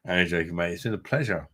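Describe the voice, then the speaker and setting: A man with a low, deep voice chats loosely and a little drunkenly to his viewers. He jokes, swears freely and rambles in an easy, friendly way as he wraps up a long live stream. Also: bright, forceful tone, slightly rough. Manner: chatty, banter, swears casually. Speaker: beer review livestream host. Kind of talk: casual live stream chat.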